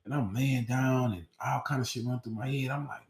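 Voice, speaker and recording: A man hosting a podcast tells a story in loose, slangy talk that swears freely. When he acts out his own panic, his voice jumps high and loud. The sound bounces around a roomy space. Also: fairly even intonation, brisk, vocal fry. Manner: slangy and profane. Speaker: podcast host. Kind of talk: casual storytelling. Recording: roomy echo.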